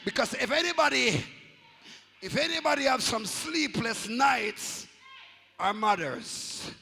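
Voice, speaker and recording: A man preaching a Pentecostal sermon in a church, shouting in a sing-song cadence and dropping to hushed asides. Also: extremely high pitch, animated, takes it slowly, vocal fry, big-room sound. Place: church sanctuary.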